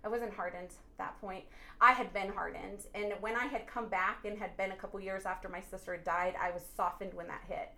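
A woman on a podcast sharing an animated faith testimony, earnest and preachy, often bursting into laughter and exclamations. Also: medium pitch, a little fast, gravelly. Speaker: podcast guest. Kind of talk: excited faith testimony chat.

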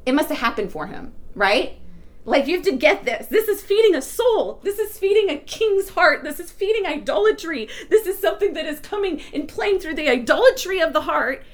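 A woman teaching a Bible passage to a congregation, excitable, often laughing and restarting her sentences. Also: very high-pitched, normal speed. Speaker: preacher.

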